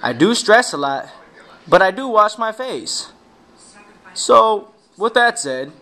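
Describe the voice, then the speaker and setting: Hyped, bright-voiced young man. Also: a little high, expressive, a little slow. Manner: rambling, hyped, profane, playful. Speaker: DJ and club promoter. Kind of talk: casual vlog talk.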